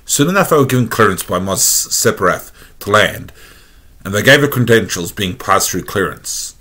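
A man with an Australian accent reading a fan-written space story aloud as narrator, in a plain, steady way. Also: on the low side, normal speed.

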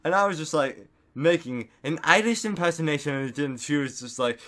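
A man's voice: fairly high pitch, fairly quick, hardly any pauses, pushed and bright. A man vlogging into a desktop microphone at home, rambling goofily with lots of fillers and sudden silly outbursts. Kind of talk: casual rambling monologue. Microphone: desktop studio microphone.

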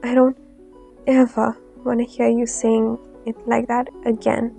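A tender young hero boyfriend on the edge of tears, voiced by a woman reading fanfiction. His soft, choked-up lines come out low and mellow with a gravelly edge and little rise or fall, over faint lofi music. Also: little pitch movement, measured pace, heavily acted. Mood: earnest.

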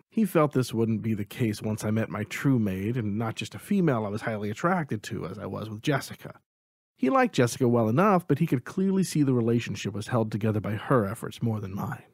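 Man, audiobook narrator, first-person storytelling, steady and even, mid pitch, dry close sound. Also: no room sound.

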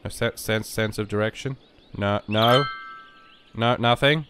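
A sick young man rambling and joking through casual gameplay commentary, sometimes yelling at the game. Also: fairly low pitch, unhurried, background noise. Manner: rambling and joking, with sudden loud outbursts at the game. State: sick with a virus. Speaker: gaming YouTuber.

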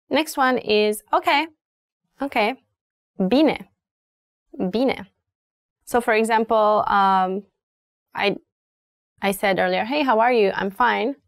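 Slow, dry-voiced Romanian woman teaching. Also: mid-range voice, gravelly, no room sound. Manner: slow and careful, repeating phrases for learners. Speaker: language teacher. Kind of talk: language lesson.

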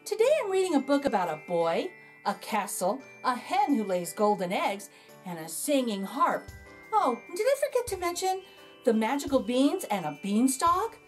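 A woman who hosts a children's channel, reading a picture book aloud in an expressive storytelling manner. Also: fairly high pitch, normal speed, soft background music.

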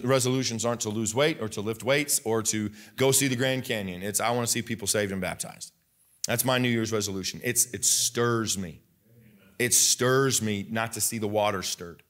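A man's voice: medium pitch, fairly bright tone. A young adult male pastor preaching a sermon, pushing up into emphatic bursts and often restarting his sentences. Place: church sanctuary.

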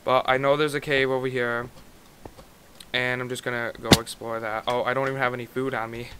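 A man talks through his game in casual let's-play commentary, sounding frustrated and exasperated. His voice sits at an ordinary pitch. Loud noise runs under the recording. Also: flat delivery, a little fast. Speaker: gaming YouTuber.

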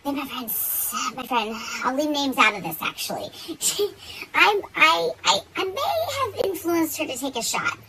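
A young woman telling a story in casual, animated chat, swearing freely and getting worked up. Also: high-pitched, normal speed, very noisy. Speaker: beauty vlogger.

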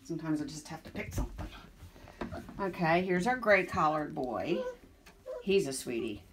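A woman's voice: sits low, expressive, normal speed, a bit bright. A woman dog breeder chatting casually while showing her puppies, slipping into baby talk with them. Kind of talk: casual vlog narration. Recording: background noise.

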